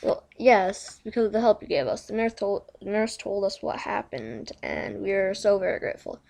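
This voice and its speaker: An earnest, polite young pony mare, as a woman reads her in a fanfiction storybook. She speaks in an everyday mid-range voice with a gravelly, creaky texture. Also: mid-range voice, moderate pace, a little mellow, natural voice. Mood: grateful. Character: friendly, grateful young female pony.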